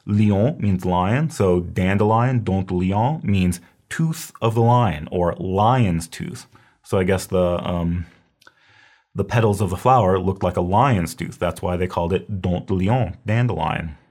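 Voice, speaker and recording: A man's voice: sits low, measured pace, darkish tone. A man giving a casual, explanatory recorded lecture on herbal medicine, repeating key terms as he goes.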